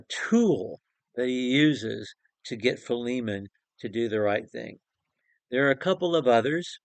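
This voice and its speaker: A man's voice: medium pitch, no room sound. A man preaching a short devotional Bible talk in an earnest, emphatic way, repeating phrases and restarting sentences.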